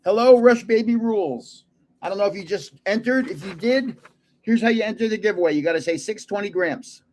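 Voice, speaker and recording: This livestream host, a man in his seventies, talks a little fast in a high voice with a darkish tone. He rambles casually, chuckles often, and fades out while searching for words.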